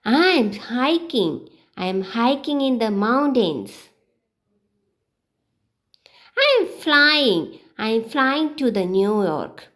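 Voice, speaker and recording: For beginning learners, an English teacher reads out simple practice sentences. Her high, animated voice carries a sing-song quality, and she keeps everything slow and clear.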